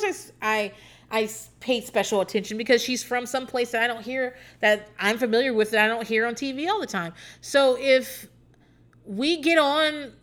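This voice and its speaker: Bright, animated woman telling stories. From Hampton Roads, Virginia. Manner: animated, laughing, cursing, acts out quotes in high voice. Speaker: podcast host. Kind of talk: casual storytelling chat.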